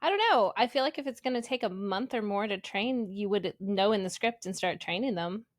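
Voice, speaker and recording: A woman in her forties co-hosting a podcast, casual and animated, with quick reactions and easy laughter. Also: mid-range voice, no echo, clean studio sound. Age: 40s. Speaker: podcast co-host. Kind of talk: casual chat.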